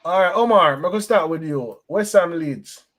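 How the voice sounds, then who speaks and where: Guy hosting a fan stream, patois slang, high voice, shouting out the viewers. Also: normal speed. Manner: Caribbean patois slang, shout-outs, laughing banter. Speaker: host of a football fan stream. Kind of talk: casual chat.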